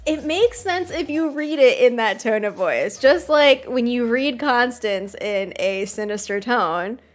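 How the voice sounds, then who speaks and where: A woman's voice: fairly high pitch, animated, unhurried, faint music behind. A woman streaming a mobile game live, chatting casually, giggling often and reading game dialogue aloud.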